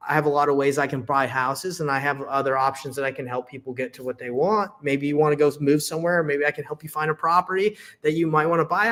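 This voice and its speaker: Brief: young male coach, slightly high voice, conversational, acts out script lines. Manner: conversational, acts out call dialogue, frequent "right?" and restarts. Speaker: real estate wholesaling coach. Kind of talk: casual teaching, reading through a call script.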